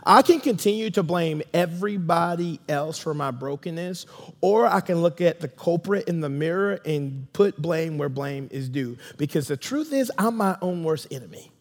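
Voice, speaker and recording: A man's voice: on the high side, expressive, moderate pace. A male pastor preaching a sermon emphatically and calling on the congregation to respond. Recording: long reverb of a large room.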